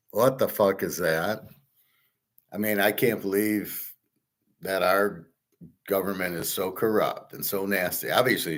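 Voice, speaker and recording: Indignant deep-voiced man ranting. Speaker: host of a betting and gold commentary show. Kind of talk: opinion monologue.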